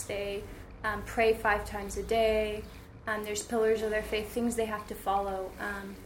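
A woman telling stories as an interview guest, chatty and animated, with many fillers. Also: mid-range voice, a little hiss or hum. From United States. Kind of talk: conversational storytelling. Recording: echoey room.

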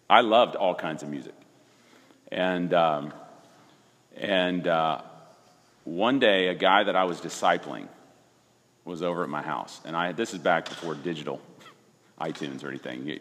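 A man in his forties, a pastor, telling a personal story in casual conversation, animated and emphatic, often restarting his sentences. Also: sits low, moderate pace, long pauses, long reverb tail.

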